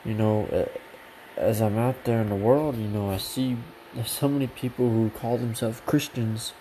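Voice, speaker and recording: A man's voice: lowish voice, creaky, background noise. A man giving a casual, earnest sermon that grows fervent and insistent, repeating himself for emphasis. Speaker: preacher.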